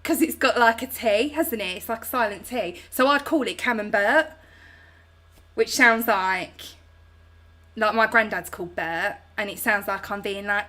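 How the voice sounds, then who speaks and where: This is a chatty host with a British English accent, reading out viewer comments on her home livestream and responding in a slangy, bubbly manner. Her medium-pitched voice sounds pushed and bright, and she talks a little slowly.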